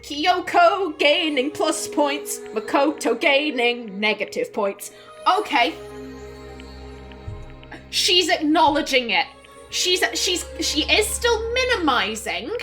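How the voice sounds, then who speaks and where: A high-voiced woman comments on a game she is playing, exasperated and expressive, swearing freely. She talks at an unhurried pace, leaning on her words. Faint game music runs underneath. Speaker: let's play host.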